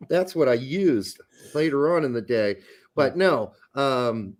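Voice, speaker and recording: A man co-hosting a casual podcast, joking and swearing while drinking beer and talking cooking. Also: mid-range voice. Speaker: podcast co-host.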